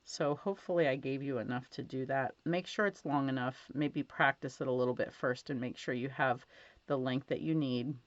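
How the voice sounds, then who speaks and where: This woman's voice rumbles low at normal speed with no echo as she teaches card stamping at her home craft desk. In a dull lo-fi home recording, she chats casually, leans on fillers, and gushes over how her cards turn out.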